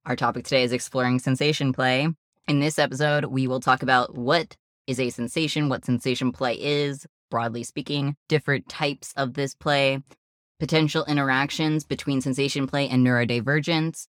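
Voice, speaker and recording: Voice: mid-range voice, steady tone, moderate pace, a bit bright, no echo. Nerdy podcast co-host, dry close sound. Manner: nerdy, explains with textbook definitions. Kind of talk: casual podcast chat.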